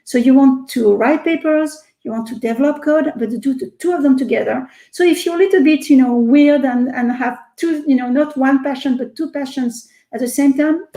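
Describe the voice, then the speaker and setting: A woman's voice: high-pitched, normal speed, few pauses, dark tone, roomy sound, low-quality recording. A woman with a French accent talking animatedly in a casual interview over a video call, repeating words and using many fillers. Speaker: research executive guest.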